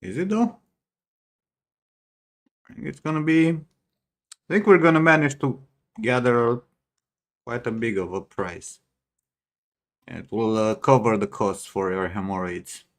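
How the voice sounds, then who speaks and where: A man's voice: medium pitch, measured pace, long pauses. A man streaming and chatting casually, blunt and joking and swearing freely. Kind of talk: casual chat on a livestream.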